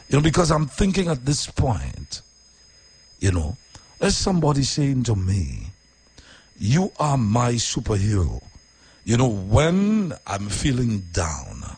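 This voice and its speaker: A man who hosts radio, talking casually about his week, deep-voiced when calm and emphatic with repeated phrases. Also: husky. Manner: repetitive, emphatic, swings from quiet and low to high and animated. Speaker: radio host. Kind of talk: casual personal talk.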